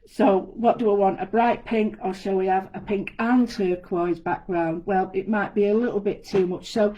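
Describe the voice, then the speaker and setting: A woman's voice: medium pitch, fairly even intonation, normal speed, mellow, muffled recording. A woman giving a chatty, step-by-step live craft demonstration from an indoor studio. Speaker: guest designer demonstrating a craft.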